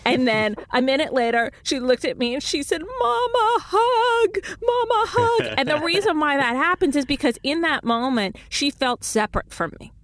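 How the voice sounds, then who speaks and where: A woman in her thirties hosting a call-in relationship advice radio show, explaining quickly with many restarts and laughing easily. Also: sits high, fairly bright tone.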